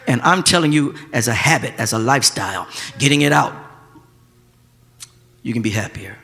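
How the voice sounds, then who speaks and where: A male pastor, preaching a sermon that swings from quiet, close talk to shouting. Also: mid-range voice, lively intonation, moderate pace, gravelly, pauses often, big-room sound.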